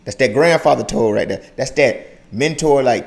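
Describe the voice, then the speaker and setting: A young man hosting a casual reaction video, talking in an animated way and repeating phrases for emphasis. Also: mid-range voice, normal speed, vocal fry. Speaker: YouTube reaction host.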